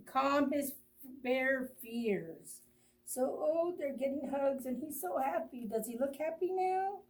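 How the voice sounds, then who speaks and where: A woman reads a picture book aloud to young children, drawing out each line at a very slow, deliberate pace. Her voice sits fairly high, and she breaks off for gasps and little questions to her listeners. She is a little far from the microphone. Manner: slow, expressive storytelling with gasps and asides to children. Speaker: children's librarian. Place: library storytime video.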